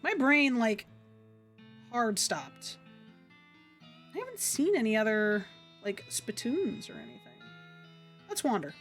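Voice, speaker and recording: A young woman streaming a game speaks slowly in a sing-song, slightly high and a bit bright voice, pausing often. She chats casually with viewers and reads game text aloud cheerfully, over soft background music.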